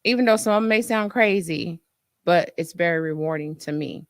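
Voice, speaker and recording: A woman nurse hosting her own show, chatting to listeners in a lively way and acting out her own past reactions. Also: lowish voice, moderate pace, dry recording, clean studio sound. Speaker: nurse and podcast host. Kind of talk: casual storytelling to listeners.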